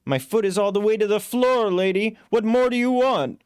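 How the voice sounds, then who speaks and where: A man's voice: high voice, wildly swooping pitch, moderate pace, no echo, studio quality, pitched above the performer's own voice. A man voicing a grumpy, stubborn taxi driver in a storybook reading, speaking coldly and impatiently. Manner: scowling, cold, impatient. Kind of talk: storybook read-aloud.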